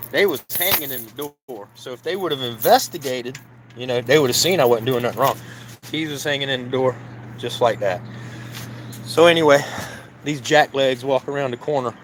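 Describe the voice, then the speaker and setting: A man's voice: mid-range voice, moderate pace, long pauses, fairly bright tone, slight background noise. A man tells, heated and indignant, how the police stopped him at his work site, acting out both sides of the exchange. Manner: heated, indignant, repeats "I said" while reenacting a dialogue. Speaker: business owner recounting a police stop. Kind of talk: casual storytelling to camera. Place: outdoors by a work trailer near a building.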